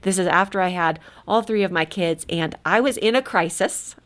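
A middle-aged woman with a slightly low voice tells a personal story with lots of life, laughing as she goes and acting out each person she quotes. She speaks as a guest in a relaxed faith conversation. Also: normal speed. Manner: animated storyteller, laughs often, acts out quotes. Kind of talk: faith storytelling in casual talk.

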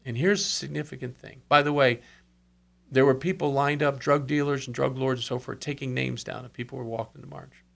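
A man's voice: mid-range voice, fairly even intonation, fairly quick, creaky. A man telling revival stories in conversation, earnest, with asides and quoted speech. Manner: earnest storyteller, quotes others, brief asides. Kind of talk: storytelling in conversation.

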